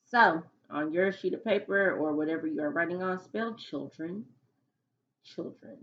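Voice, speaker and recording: A woman teacher walks young pupils through a phonics lesson, sounding out each letter and syllable with patient care. She speaks slowly, in a voice a little low for a woman. The recording is dull and lo-fi. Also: fairly bright tone.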